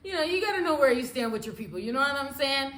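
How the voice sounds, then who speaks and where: A young woman telling a wild personal story in a storytime vlog, laughing often and swinging between hushed and loud. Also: sits high, lively intonation, fast talker, roomy sound.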